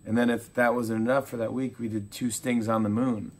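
A man in his forties, a talk show host being interviewed, telling animated stories and acting out quotes. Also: medium pitch, brisk, slight background noise. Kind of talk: casual interview chat.

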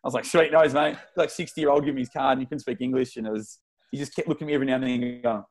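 Male podcast guest in his twenties, Australian accent, from Melbourne. Excitable, slangy storyteller who acts out other people's lines. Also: mid-range voice, rapid-fire, slightly rough. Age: 20s. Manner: excitable, slangy, tells stories with lots of retold dialogue. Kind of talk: casual interview storytelling.

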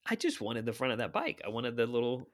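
A man in his fifties, an author guest, telling anecdotes in a chatty, animated way. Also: medium pitch, fast talker. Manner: animated storyteller, chatty asides. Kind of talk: anecdotal storytelling.

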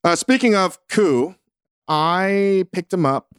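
A man hosting a podcast in casual chat, animated and self-mocking, swearing freely. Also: high-pitched, slow pace, clean tone, dry recording, clean studio sound. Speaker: podcast host.

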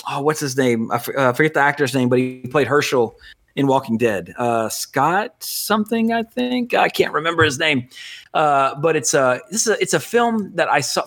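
A man's voice: medium pitch, a bit bright. A man hosting a podcast in casual chat, rambling and correcting himself, laughing often. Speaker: podcast host.

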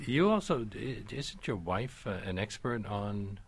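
Low-voiced male interview host. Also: very animated, unhurried, slight background noise. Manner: curious, conversational, hesitant fillers.

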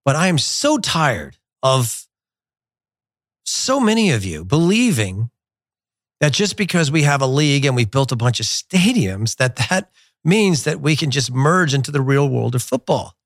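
A middle-aged man hosting a soccer show in a studio, talking in an animated, digressive and blunt way. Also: mid-range voice, a little slow, no echo. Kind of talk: casual opinionated talk. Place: glass-walled studio in a resort. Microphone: studio mic.

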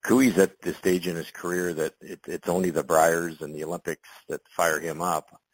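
A middle-aged man talks through his answers in a low, husky voice, circling back and restarting as he goes. The sound is dry and close, with no room around it. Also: steady tone, moderate pace, no echo, rough recording. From Canada. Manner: rambling, with many restarts and fillers. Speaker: curling analyst and former champion. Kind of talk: casual expert commentary in an interview.

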